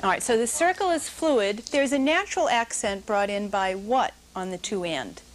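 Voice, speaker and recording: A woman's voice: medium pitch, animated, normal speed. A middle-aged woman teaching a dance notation class in a studio, coaching dancers and calling counts aloud.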